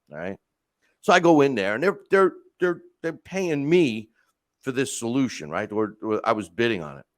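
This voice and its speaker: Animated man telling stories. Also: on the low side, dry recording. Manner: animated storytelling, frequent restarts and asides. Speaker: podcast host. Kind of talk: casual monologue.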